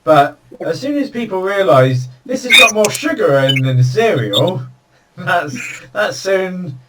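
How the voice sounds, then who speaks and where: Telling jokey stories, this male host runs a casual video call chat like a chatty storyteller. He speaks slowly in a high, very animated voice, with heavy background noise over distant call audio.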